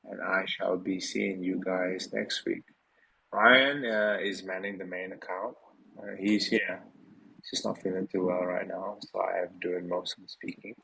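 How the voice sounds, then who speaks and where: A man's voice: deep voice, flat delivery, unhurried, gravelly, bright, forceful tone, slight background noise, rough recording. A tired man hosting a casual live audio Q&A, rambling with many fillers and yawning late at night. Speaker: host of a community Q&A.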